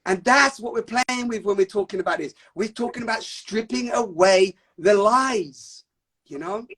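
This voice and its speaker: A man's voice: sits high, normal speed, a bit bright. A man hosting a live stream, talking with intense, preachy passion about emotions and swearing for emphasis. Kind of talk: passionate spiritual talk.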